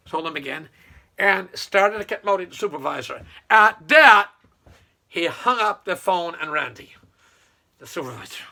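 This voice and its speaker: A man's voice: high voice, lively intonation, normal speed, vocal fry, pushed and bright. A man giving a sarcastic, opinionated political commentary monologue. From Nova Scotia. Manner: sarcastic, mocking storytelling. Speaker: online commentator.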